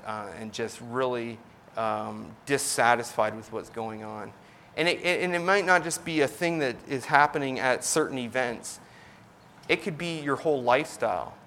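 A man's voice: mid-range voice, a bit bright. A man, likely in his thirties, preaching in a casual, conversational way, with frequent fillers and restarts as he explains a point. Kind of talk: casual sermon teaching.

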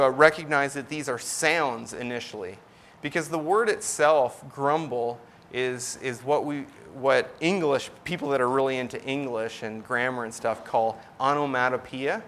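Preaching in a relaxed, conversational style, a man likely in his thirties works through a point, often using fillers and starting over. The medium-pitched voice moves at normal speed, sounds a bit bright, and carries a slight hiss or hum.

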